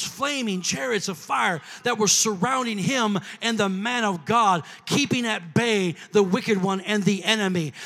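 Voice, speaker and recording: High-voiced preacher in a reverberant church. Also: male voice, sharp tone. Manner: preaching with rising fervor and call-and-response. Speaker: pastor. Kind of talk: sermon. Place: church sanctuary. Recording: long hall reverb.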